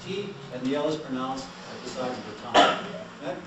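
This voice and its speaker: Male lecturer, animated and questioning, recorded from afar over steady room noise. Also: mid-range voice, fast. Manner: animated, asks the class questions and has them repeat. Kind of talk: classroom language lecture. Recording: echoey room, mic far off, noisy.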